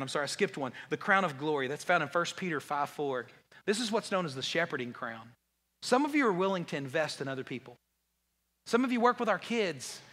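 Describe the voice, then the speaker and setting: A man preaching a conversational, joking sermon, full of restarts and repeated words, and going low and quiet when he quotes Jesus. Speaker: pastor. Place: large church hall. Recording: long hall reverb.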